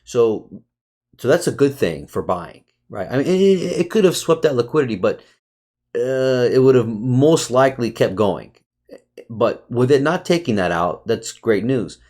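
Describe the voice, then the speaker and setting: A man's voice: medium pitch, lively intonation, a little slow, darkish tone. A man narrating a screen-share market review, casual and full of restarts, who turns into a profane, heated rant at his viewers. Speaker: trading educator.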